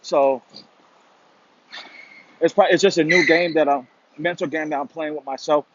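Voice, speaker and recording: A man's voice: on the high side, steady tone, moderate pace, noisy background. A man talking in a loose, rambling motivational monologue, full of "you know" and casual swearing. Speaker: motivational vlogger. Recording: dull lo-fi sound.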